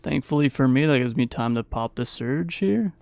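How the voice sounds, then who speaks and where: A man recapping his gameplay in a casual, playful voice-over, the way a gaming channel host talks his audience through a match. His voice sits at a middle pitch with a gravelly, fry-touched edge, while staying smooth and clear. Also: lively intonation, moderate pace, darkish tone. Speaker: gaming YouTuber.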